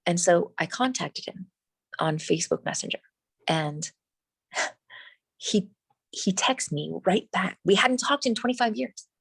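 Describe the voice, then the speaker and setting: A middle-aged woman, a guest in an interview, telling a personal story in an animated, emphatic way with frequent restarts. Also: medium pitch, unhurried, vocal fry, long pauses, husky, no room sound, poor audio.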